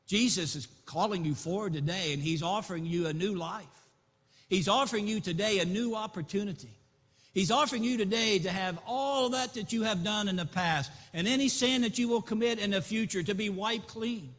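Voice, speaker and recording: A man preaching an impassioned sermon that swells into loud appeals. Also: high voice, moderate pace. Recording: long reverb in a large hall.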